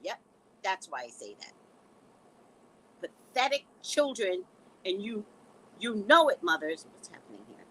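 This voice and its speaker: On a casual live stream, a middle-aged psychic host laughs her way through blunt, sassy remarks to viewers she calls "guys." Her medium-pitched voice has big pitch swings and a sharp, slightly rough tone, and she keeps a measured pace with frequent pauses. The recording is rough.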